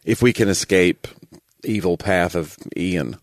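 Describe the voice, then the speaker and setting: A man with a low voice, telling stories in relaxed podcast talk. The sound is dry and close, with no room around it. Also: no room sound. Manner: chatty storyteller, quick asides and laughs. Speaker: podcast co-host. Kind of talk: casual chat.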